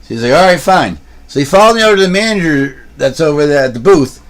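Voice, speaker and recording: Filming on a handheld camera, a man livestreams in a casual, rambling way, telling a long story that keeps restarting and wandering into asides. His voice is on the high side, animated, and quick.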